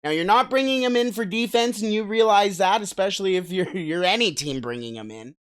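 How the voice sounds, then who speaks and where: A chatty man hosts a solo sports podcast in a relaxed, conversational way. He keeps putting questions to his listeners and moves around in his seat while he talks. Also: sits high, fairly quick, clear, resonant tone. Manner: shifts about in his seat while talking. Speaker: hockey podcast host. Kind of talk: casual solo podcast commentary.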